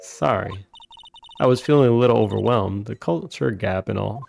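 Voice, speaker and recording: A man voicing a shy young woman sidekick in a soft, hesitant way while reading a game aloud. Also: lowish voice, normal speed, gravelly, soft background music. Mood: sheepish.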